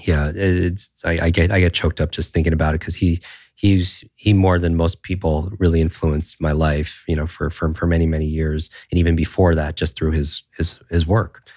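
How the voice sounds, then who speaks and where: A man guest on a podcast interview, telling personal stories in an earnest, animated way, with frequent restarts and rhetorical "right?" checks. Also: low-pitched, moderate pace, dry recording, studio quality. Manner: animated, earnest, many restarts and tag questions. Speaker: podcast guest, brain coach. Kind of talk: conversational interview storytelling.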